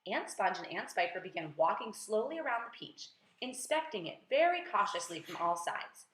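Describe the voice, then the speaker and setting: A woman teacher reading a children's book aloud with lively, expressive storytelling. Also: mid-range voice, normal speed, few pauses. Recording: roomy echo.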